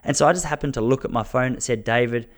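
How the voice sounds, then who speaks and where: An Australian man in his thirties talks straight to his listeners in a loose, rambling monologue. He tells his stories with animated energy and keeps restarting his sentences. His pitch sits in an ordinary middle range for a man. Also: quick pace. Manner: animated, chatty storyteller with frequent restarts. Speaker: podcast host and stand-up comedian. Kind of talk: casual storytelling monologue.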